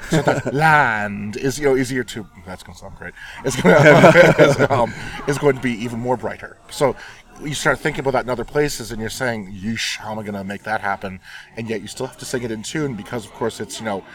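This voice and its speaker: Choir guy explaining vowels, kinda halting, far from the mic with a crowd around. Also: medium pitch. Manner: thoughtful, halting, laughing. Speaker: choir singer. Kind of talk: casual chat.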